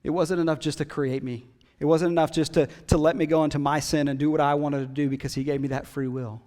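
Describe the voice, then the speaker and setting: Middle-aged male pastor, fairly high voice, sermon delivery that goes from loud to hushed, long church reverb. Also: level tone, fast. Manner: swings from loud emphatic build-ups to hushed whispers; conversational, jokes with the congregation. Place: church hall.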